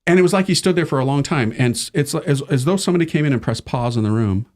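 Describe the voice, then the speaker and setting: A middle-aged man, a priest, tells an animated story as an interview guest, using casual slang, laughing often, and acting out the people in it. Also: medium pitch, fast.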